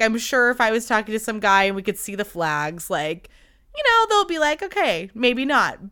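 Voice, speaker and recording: A woman's voice: mid-range voice, bright, forceful tone, clear, resonant tone. A young woman hosting a solo podcast, chatting casually and animatedly, with frequent laughter. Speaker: podcast host.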